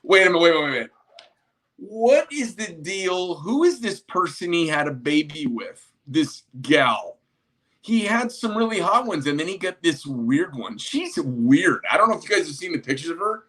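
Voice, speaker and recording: A man's voice: fairly high pitch, very animated, moderate pace, fairly bright tone. A man who owns a small knife company, ranting casually with lots of profanity and rambling asides. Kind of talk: casual rant to camera.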